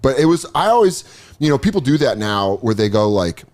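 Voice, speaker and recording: Animated male comedian telling stories. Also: medium pitch. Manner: animated storytelling, swearing, quick asides. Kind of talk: casual podcast chat.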